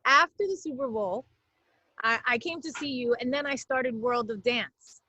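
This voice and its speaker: A woman's voice: a little high, normal speed, highs cut off. A woman guest chatting casually on a talk show from home, telling stories with lots of laughter. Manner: animated storyteller, laughs often. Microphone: video call from home.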